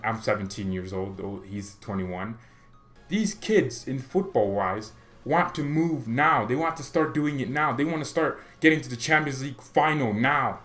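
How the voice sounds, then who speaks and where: A young man hosting a fan channel, giving a rambling, opinionated football monologue in an animated way. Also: medium pitch. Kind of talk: casual football commentary monologue.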